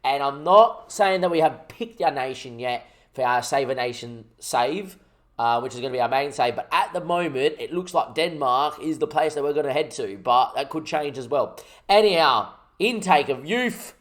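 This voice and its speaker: A young man hosting his gaming channel, chatting casually and jokily as he thinks out loud over gameplay. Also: mid-range voice, expressive, normal speed. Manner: rambling, jokey, thinks aloud while playing.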